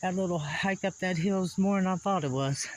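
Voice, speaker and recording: Out of breath on a wooded hillside, a high-pitched man narrates casually to his camera at a moderate pace, talking folksily and laughing between gasps. He vlogs about exploring old sites, and the low-quality recording has slight background noise, including insects and crickets.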